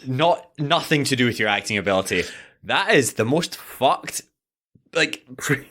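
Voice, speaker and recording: A man hosting a casual podcast chat, reacting with animated, swear-laden exclamations. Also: mid-range voice, measured pace. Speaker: podcast host.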